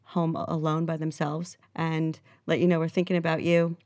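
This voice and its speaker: A woman with a somewhat low voice co-hosts a relaxed podcast. She talks casually and teases her partner with doubting questions. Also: moderate pace. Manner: skeptical, teasing interjections. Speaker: podcast co-host. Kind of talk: casual chat.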